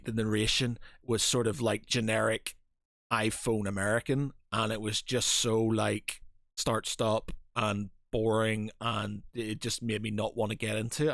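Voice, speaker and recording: In a lowish but fairly bright voice, a male podcast co-host chats casually, wandering off track with lots of fillers and restarts. The studio sound is clean, with no echo.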